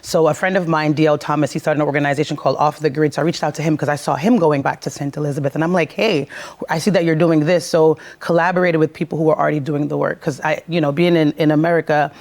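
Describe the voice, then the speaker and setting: This is a Jamaican woman being interviewed on morning television. She talks earnestly and briskly, and her voice carries a gravelly, creaky texture. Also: low-pitched, steady tone, a little mellow. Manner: earnest, quick storytelling. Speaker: guest, charity founder.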